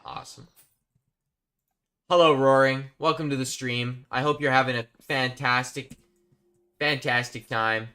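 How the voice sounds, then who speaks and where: A man's voice: mid-range voice, steady tone, unhurried, long pauses, bright, forceful tone, clean tone. A man live-streaming a game, chatting casually and rambling to his viewers while he plays. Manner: chatty, rambling, talks to chat while playing.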